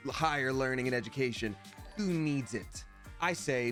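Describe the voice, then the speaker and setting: A man's voice: medium pitch, moderate pace, fairly bright tone, soft background music. A man hosting a live game stream, chatting casually and cheerfully thanking viewers by name. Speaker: Twitch streamer and voice actor.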